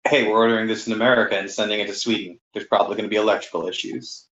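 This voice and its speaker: Low-voiced man recalling a memory. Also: fairly even intonation, fairly bright tone. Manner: hesitant, then quick. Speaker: family friend sharing a memory. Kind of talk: casual storytelling. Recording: echoey room, dull sound.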